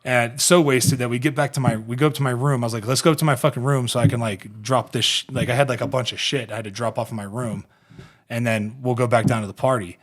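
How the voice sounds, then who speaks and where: Here the former pro football player, now a podcast host in his thirties from Ohio, talks fast in a mid-range voice with fairly even intonation. His casual storytelling about his playing days wanders, swears freely, and is full of laughter.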